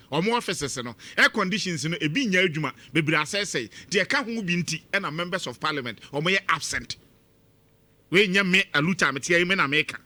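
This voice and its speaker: A Ghanaian man with a Ghanaian accent hosting a radio commentary, talking in an emphatic, lively way. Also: sits high, no room sound. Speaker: radio host. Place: radio studio.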